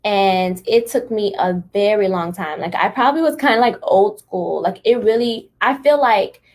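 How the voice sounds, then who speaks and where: A woman in her thirties co-hosts a relaxed talk show. Her voice sits in a middle pitch, and she tells long stories full of fillers. She slips into quoted voices as she goes. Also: normal speed. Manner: animated storyteller, acts out quotes, many fillers like "like". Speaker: podcast co-host. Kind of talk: casual chat.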